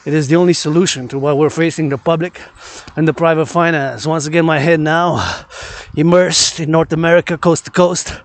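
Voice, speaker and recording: Man from Quebec, vlogging outdoors on a phone; slightly high voice, rambling and preachy, repeats himself. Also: fairly even intonation, a little fast, dry recording. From Quebec, Canada. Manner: repetitive, impassioned, preachy. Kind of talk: rambling outdoor vlog monologue. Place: outdoors, moving around a city.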